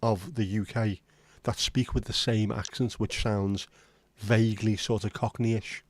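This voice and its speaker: A man's voice: lowish voice, flat delivery, measured pace. A man hosting a casual livestream chat, rambling and reading out viewer comments. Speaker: livestream host.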